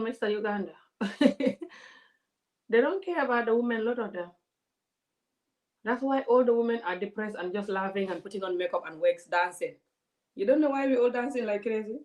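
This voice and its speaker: A woman vlogger rants to her viewers in an animated, indignant way. Her pitch sits in an ordinary middle range, and she keeps the tone casual and direct as she talks. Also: rough recording. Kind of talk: casual commentary to a live audience.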